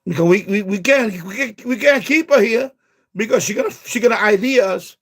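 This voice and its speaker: High-voiced, profane man on a live stream. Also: a little fast. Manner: profane, excitable, keeps saying bro. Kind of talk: casual late-night chat.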